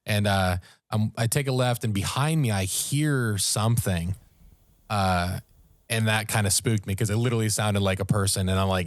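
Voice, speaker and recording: A man with a fairly low voice tells a story on a podcast in casual, animated talk. His voice climbs at the tense parts. The sound is dry and close to the mic. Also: moderate pace, no echo. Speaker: podcast co-host. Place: podcast studio.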